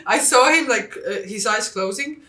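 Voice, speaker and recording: Animated woman vlogging. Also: moderate pace, reverberant. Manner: animated, acts out quoted dialogue with big pitch jumps. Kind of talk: casual travel vlog storytelling.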